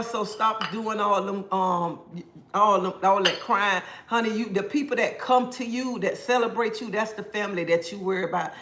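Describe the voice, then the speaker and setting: A man's voice: high-pitched, fairly bright tone. A man hosting a casual livestream, answering viewer comments and giving preachy life advice. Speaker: livestream host. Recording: roomy echo.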